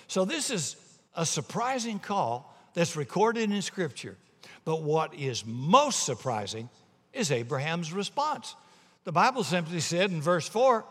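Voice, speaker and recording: A male pastor preaching a sermon, telling stories and shifting between loud and hushed delivery. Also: high-pitched, sing-song, a little slow, breathy edge, long reverb tail.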